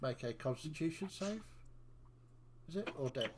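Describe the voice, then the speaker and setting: A man's voice: on the high side, lively intonation, background noise. A man running a tabletop game as dungeon master, narrating and reacting playfully to his players. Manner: playful, quick to react with laughs and exclamations.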